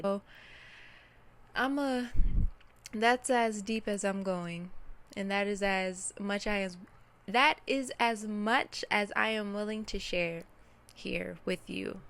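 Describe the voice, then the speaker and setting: A woman's voice: mid-range voice, a bit bright, clean tone. A woman speaking candidly to camera about personal grief, close to tears as she works through her feelings. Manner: candid, emotional, talks to herself and viewers. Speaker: self-reflection vlogger. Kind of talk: unscripted personal reflection.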